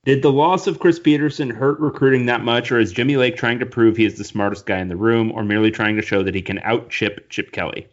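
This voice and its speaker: A man's voice: medium pitch, steady tone, fast, hardly any pauses, muffled recording. A man hosting a casual college football podcast and reading out listener questions, playful and teasing. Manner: playful, teasing, laughs often. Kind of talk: casual sports podcast chat.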